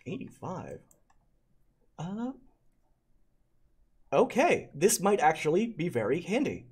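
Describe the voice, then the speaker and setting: A game master narrating a tabletop game on a live stream, talking haltingly with many fillers and thanking donors. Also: mid-range voice, big pitch swings, darkish tone, husky.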